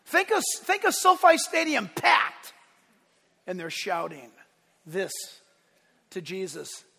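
A man pastor preaching a sermon in an animated, playful way, acting out voices with shouts and laughter. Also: high-pitched, slow pace, vocal fry. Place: church sanctuary. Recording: long church hall reverb.

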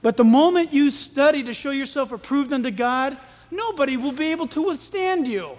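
A man preaching a sermon as pastor, telling stories in an animated way. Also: very high-pitched, moderate pace. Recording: echoey hall with long reverb.

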